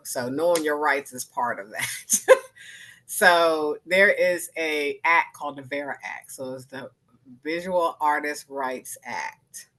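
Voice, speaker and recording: An animated woman in her fifties, speaking candidly as a panel guest. Her voice is bright and forceful, and she keeps slipping into lively impressions of the people she quotes, laughing as she goes. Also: deep voice, slow, poor audio. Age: 50s. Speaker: arts organization founder, guest speaker.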